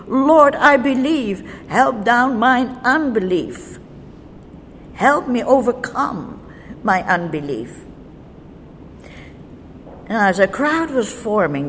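A woman teaching from the Bible, reading verses in a measured, deliberate way. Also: medium pitch. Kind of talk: slow scripture teaching. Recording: faint noise with long reverb.

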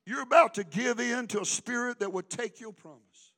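A middle-aged man preaching a sermon as pastor, swinging between loud calls and hushed asides. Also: very high voice, normal speed.

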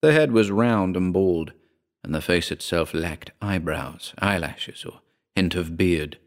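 A man reading a first-person story aloud in a wry, measured way. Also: low voice. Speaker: narrator.

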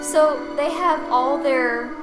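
A young woman chatting casually with quick reactive comments while watching a film. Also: high-pitched. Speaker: reaction video co-host. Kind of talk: casual chat. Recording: echoey room with loud film music.

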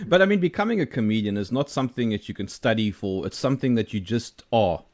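A male interviewer tosses in short, casual questions from a little way off the mic. His pitch moves about animatedly, and the sound is dull. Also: expressive, fast talker. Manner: brief prompting questions.

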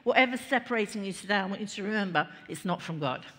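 A woman's voice: medium pitch, quick pace. Woman preaching in a reverberant hall. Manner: lively, conversational preaching with laughs and asides. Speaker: pastor. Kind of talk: sermon. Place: large church hall.

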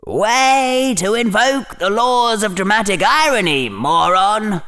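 A man's voice: high voice, lively intonation, takes it slowly, sharp tone, pitched above the performer's own voice, full character voice. A man voicing a boy's sarcastic inner critic, snide and drawn out. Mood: mocking.

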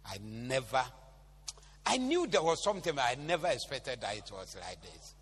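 A man's voice: medium pitch, sing-song, moderate pace, a bit bright, husky. A man with a Ghanaian accent preaching a sermon to a congregation, bantering and joking with them as he teaches. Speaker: pastor. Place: large church hall. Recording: echoey hall, faint hum.

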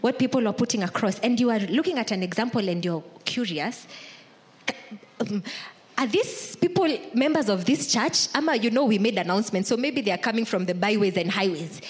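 A woman's voice: mid-range voice, expressive, fairly quick. Conversational woman pastor preaching. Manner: conversational preaching, acts out imagined inner thoughts. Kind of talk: sermon.

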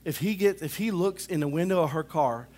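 A man preaching a sermon, animated, rising to loud calls and dropping to hushed asides, often saying "come on" to the congregation. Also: on the high side, brisk.

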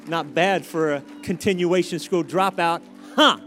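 A man preaching a sermon as pastor, joking in asides and building to loud, emphatic exhortations. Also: a little high, measured pace, few pauses, over music.

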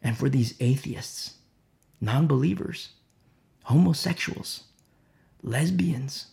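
A preacher telling stories in an impassioned sermon, swinging between loud outbursts and hushed near-whispers and repeating phrases for emphasis. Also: medium pitch, lively intonation, measured pace, gravelly.

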